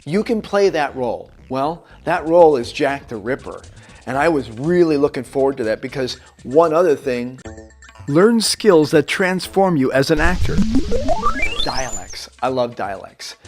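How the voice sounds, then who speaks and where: A man speaks in an ordinary middle pitch, trading stories for practical advice like a coach talking straight to his viewers. His delivery is loose and conversational, and he breaks off into quick asides. A soft music bed plays quietly behind him. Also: expressive. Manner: chatty, anecdotal, coaching tone with direct tips. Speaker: actor giving career advice. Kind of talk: conversational tips video.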